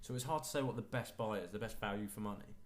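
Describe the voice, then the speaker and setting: A man's voice: lowish voice, quick pace. A man co-hosting a casual football podcast, opinionated and enthusiastic about players. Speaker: podcast co-host.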